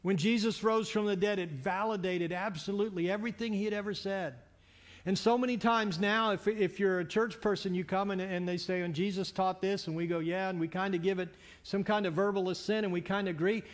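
High-voiced pastor preaching a sermon. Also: male voice, steady tone, fairly quick. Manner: storytelling, conversational with frequent restarts. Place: church.

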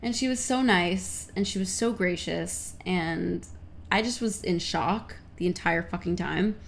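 A young woman livestreaming, chatting casually and excitably with her viewers, swearing now and then. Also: fairly low pitch, a little slow, vocal fry, a little hiss or hum. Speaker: livestreamer answering chat questions. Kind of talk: casual chat.

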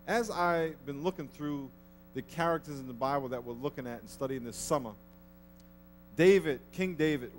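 A man's voice: medium pitch, slight background noise. A man pastor preaching a sermon, telling a story in a casual way and then pressing his point with rising force. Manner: conversational storytelling, building to emphatic exhortation. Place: church.

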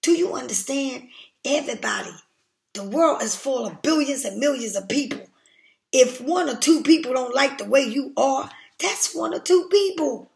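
Blunt, cursing older woman, high voice. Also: animated, normal speed, vocal fry. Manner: blunt, profane and emphatic. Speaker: tarot reader. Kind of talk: casual tarot reading monologue.

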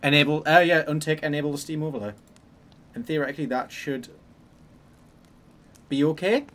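A man's voice: on the high side, fairly quick, a bit bright. A man co-hosting a live game stream, joking and self-deprecating, talking on a headset mic. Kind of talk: casual chat while playing. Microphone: gaming headset.

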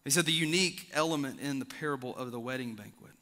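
A man preaching a sermon as pastor, swinging from loud emphatic highs to quiet low drops. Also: fast, long reverb tail. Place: large church sanctuary.

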